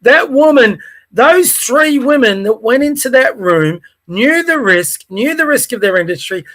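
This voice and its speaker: A man's voice: very high-pitched, expressive, a little slow, fairly bright tone. A man with an Australian accent co-hosting a podcast, talking bluntly and angrily with lots of swearing. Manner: blunt, angry, profane. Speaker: podcast co-host. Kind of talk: heated casual chat.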